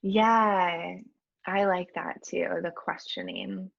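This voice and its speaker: A woman hosting a podcast in a casual, reflective way, warmly affirming her guest. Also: on the low side, very animated, takes it slowly, gravelly, no room sound, dull audio. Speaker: podcast host. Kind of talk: casual conversational interview.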